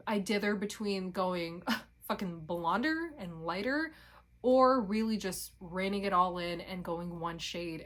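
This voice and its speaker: A young woman vlogging in casual chat, rambling and interrupting herself, with casual swearing. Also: on the low side.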